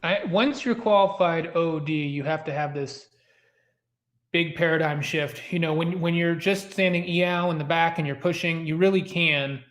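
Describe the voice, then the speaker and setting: A man's voice: fairly high pitch, normal speed, fairly bright tone, reverberant. A man, a former submarine officer, telling a story in a chatty way, full of "you know" and "like" and many restarts. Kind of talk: conversational storytelling.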